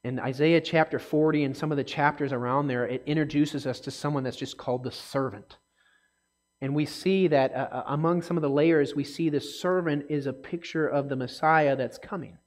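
Animated man teaching a casual Bible study. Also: fairly high pitch, normal speed. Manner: conversational, frequent "okay?" check-ins, animated when reading aloud.

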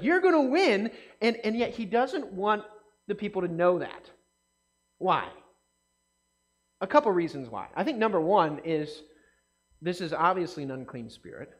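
A man giving a casual, conversational sermon, animated and often asking his listeners questions. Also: on the high side. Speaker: pastor.

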